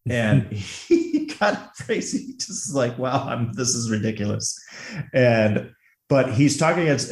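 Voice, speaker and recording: Enthusiastic man in an echoey room. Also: on the low side. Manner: enthusiastic, laughs while retelling scenes. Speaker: podcast co-host. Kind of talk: casual movie discussion.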